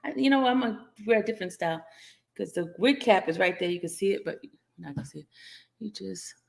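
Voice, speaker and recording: A woman with a medium-pitched, gravelly, somewhat dark voice talks fast as she hosts a casual livestream. Playfully, she greets viewers individually by name and keeps laughing while teasing them.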